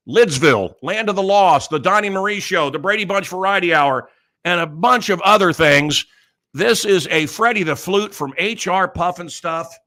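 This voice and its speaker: With a high, sharp-toned voice at a moderate pace, a male talk show host runs through a casual, rambling monologue, skipping between topics and leaning on fillers.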